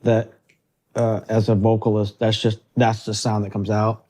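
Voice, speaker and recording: A man, a guest musician, explaining his singing in a thoughtful, halting way. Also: lowish voice, completely flat delivery, mellow.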